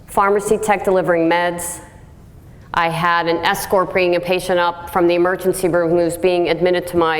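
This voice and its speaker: A woman giving a live talk to an audience, direct and plain-spoken, telling stories and acting out what people said. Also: lowish voice. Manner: lively storytelling, acts out quotes. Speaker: workplace speaker.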